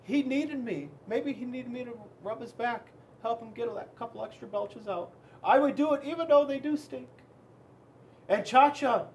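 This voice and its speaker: A man, a police officer, reading a children's storybook aloud in an expressive, dramatic way with big swings in loudness. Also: very high voice, slight background noise.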